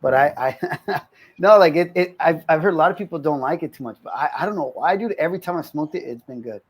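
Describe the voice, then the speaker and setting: This livestream guest chats casually on a video call, easygoing and rambling. He's a fast talker with a slightly high, animated voice.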